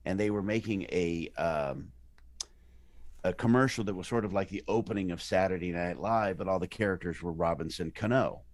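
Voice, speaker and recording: Low-voiced animated actor, a man. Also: moderate pace. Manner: animated, slips into character voices. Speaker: actor guest. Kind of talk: casual interview chat.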